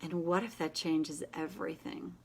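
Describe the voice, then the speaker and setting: A woman hosting a casual live session, coaching a group in an earnest, gentle and encouraging way, with quick asides. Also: deep voice, steady tone, gravelly, a little hiss or hum. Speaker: inner child tapping coach, host.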